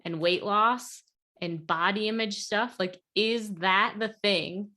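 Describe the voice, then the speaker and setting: A woman's voice: mid-range voice, slow pace, bright, forceful tone. A woman weight loss coach on a podcast, talking casually and earnestly over a video call, with many fillers. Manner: chatty, lots of "like", earnest.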